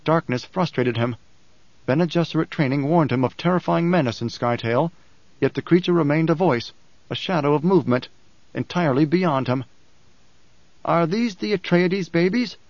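A man reading an audiobook in a measured, steady narration. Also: a little high, dry recording. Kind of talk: scripted narration. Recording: dull, dry audiobook recording.

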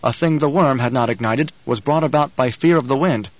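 A man reads a novel aloud at an even, unhurried pace with a mid-pitched voice. The studio sound is dry, close and slightly dull. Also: no room sound. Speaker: audiobook narrator. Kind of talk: scripted narration.

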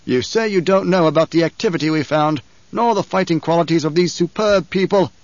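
A scornful, imperious emperor, as a man reads him, raised in pitch and pushed loud and commanding. The recording is dry and a bit dull, like a plain audiobook booth. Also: brisk, no room sound, lightly acted. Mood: menacing.

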